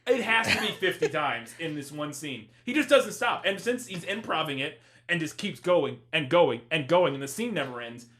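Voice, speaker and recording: A young man co-hosting a podcast, reviewing a movie in casual comedic chat, laughing often and sounding animated and exasperated. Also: fairly high pitch, normal speed, few pauses. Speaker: podcast co-host.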